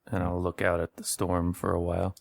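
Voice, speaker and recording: A man playing a tabletop game, chatting in a relaxed way. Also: deep voice, a little fast, creaky, dry recording. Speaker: player. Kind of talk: casual tabletop play.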